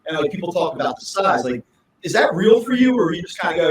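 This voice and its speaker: A man's voice: a little high, big pitch swings, brisk, recorded from a distance. Rambling male podcast host, roomy and off-mic. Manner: rambling questions, constant "like". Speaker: podcast co-host, former high school coach. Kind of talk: casual podcast interview.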